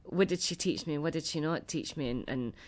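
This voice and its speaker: A woman in her forties with a Glaswegian Scottish accent, a comedian chatting as a radio interview guest in a quick-witted, self-deprecating way. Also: low voice. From Scotland. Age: 40s. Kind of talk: casual radio interview chat.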